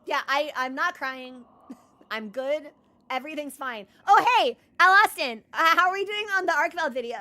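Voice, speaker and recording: This is casual chat to stream viewers from a young woman at her computer desk. She speaks in a high, pushed, bright voice at a moderate pace, earnest and rambling, restarting constantly and saying "like" a lot.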